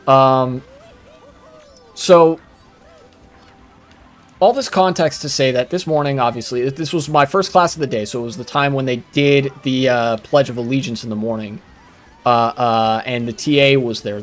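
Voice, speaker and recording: A young man tells a story on a live stream in a loose, casual way. He rambles, swears freely and fills gaps with ums and likes. His voice sits at an ordinary mid pitch, and soft music plays quietly behind him. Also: moderate pace. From United States. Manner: rambling and profane, many fillers.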